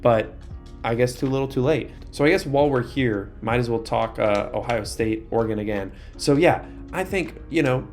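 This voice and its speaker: A young man at an ordinary middle pitch talks through a football video game in a loose, chatty way. He keeps slipping into excitable, exasperated outbursts at the game. Faint music plays quietly behind him. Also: normal speed. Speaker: gaming YouTuber. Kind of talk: casual gameplay commentary.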